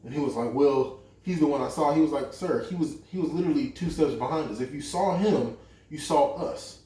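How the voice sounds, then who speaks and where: A young podcast co-host tells a long personal story among friends in casual, profane, animated talk, acting out people's lines with lots of quoted dialogue. His voice is fairly high and fairly quick. The room is echoey and the mic is at a distance.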